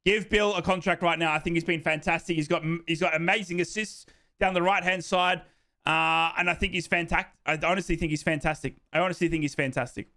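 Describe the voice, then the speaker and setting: A man's voice: on the high side, steady tone, a little fast, bright, forceful tone. An Australian man hosting a live football watchalong, chatting casually and reading out fan comments. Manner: chatty, jokey, repeats himself, says "mate".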